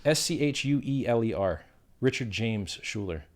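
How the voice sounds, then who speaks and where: A man's voice: medium pitch, animated, moderate pace. A man being interviewed on a livestream, combative and profane, who hurls insults while defending himself. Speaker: interview guest.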